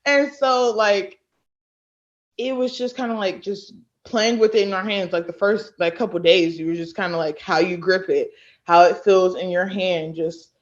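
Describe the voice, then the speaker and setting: A woman in her late twenties from Texas, a podcast guest who tells stories in a lively way and acts out what others said. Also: medium pitch, moderate pace. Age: late 20s. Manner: animated storyteller who acts out quoted people. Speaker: guest, former college thrower. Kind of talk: casual podcast interview. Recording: dull lo-fi sound.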